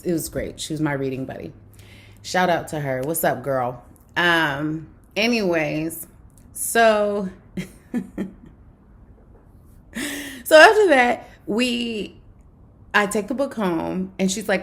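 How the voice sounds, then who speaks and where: A young adult woman hosting a casual book review, telling a story animatedly and acting out the quoted dialogue. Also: lowish voice. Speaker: book club host.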